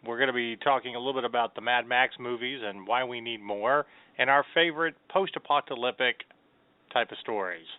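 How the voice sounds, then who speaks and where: A man's voice: medium pitch, smooth, dry recording. A man hosting a casual nerd talk show, upbeat and chatty, with rambling fillers. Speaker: podcast host. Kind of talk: casual radio show chat. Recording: tinny phone-like sound.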